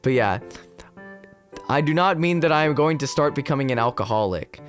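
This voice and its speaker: A man's voice: on the high side, fairly quick, faint music behind. A young man streaming as a VTuber, chatting casually and rambling with lots of fillers as he tells stories. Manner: rambling, full of fillers, animated storytelling.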